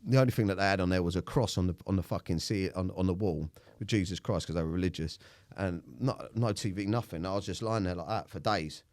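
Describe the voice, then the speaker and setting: A man's voice: low-pitched, a little mellow, no room sound, clean studio sound. A man co-hosting a podcast, candidly recounting a hard time with many restarts and hesitations. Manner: halting, restarts often, confessional. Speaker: podcast co-host. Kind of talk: candid personal storytelling.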